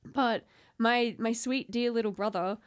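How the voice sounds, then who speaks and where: A woman, a guest photographer chatting casually and telling an excited story with high-pitched acted-out quotes. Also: unhurried, smooth. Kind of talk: casual chat.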